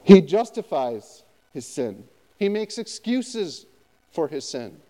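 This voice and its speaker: A man pastor preaching a conversational sermon, often turning to his listeners with quick questions. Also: on the high side, big-room sound. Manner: conversational, animated, asks the audience often.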